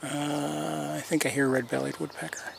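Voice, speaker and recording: A man's voice: fairly high pitch, flat delivery, moderate pace, creaky. A man hosting a live birding tour, narrating casually as he walks the trails by a pond and thinks aloud with hesitant restarts. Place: outdoors on nature trails by a pond. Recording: faint outdoor noise. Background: birdsong and outdoor ambience.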